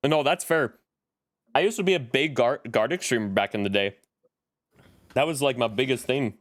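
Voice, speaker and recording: A man's voice: medium pitch, normal speed, fairly bright tone. A man streaming live in casual chat, greeting viewers by name as he talks.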